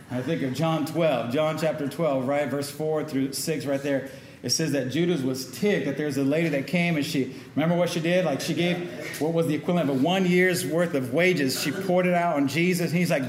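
A middle-aged male pastor with a slightly raised voice, preaching in a relaxed, conversational way and pausing to ask the congregation for an amen. The sound is roomy and echoey, with a faint hum of ambience behind him. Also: a little high. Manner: conversational preaching, call-and-response asides. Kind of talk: sermon.

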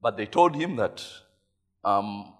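A man's voice: on the low side, lively intonation, slow pace. A middle-aged Ugandan pastor preaching a sermon in a chatty way, laughing often and tagging his sentences with "eh?". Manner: chatty and laughing, frequent tag "eh?".

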